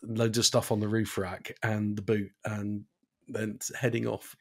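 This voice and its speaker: A man co-hosting a podcast in casual chat, wry and hesitant, pausing often. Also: on the low side, level tone, darkish tone. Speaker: podcast co-host.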